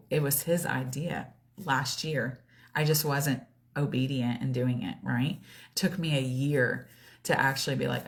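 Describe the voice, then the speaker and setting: A woman's voice: extremely low pitch, gravelly. A woman in her forties talking casually to her viewers as a coach on a live stream. She is chatty and often acts out her own past thoughts, with plenty of "like"s. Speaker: business and wellness coach.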